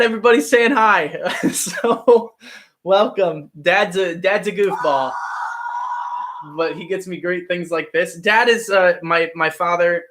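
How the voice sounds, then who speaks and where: With a fairly bright voice on the high side, a young Midwestern man from Ohio hosts a casual YouTube livestream chat. He's reflective and rambles, often stopping to start his sentences over.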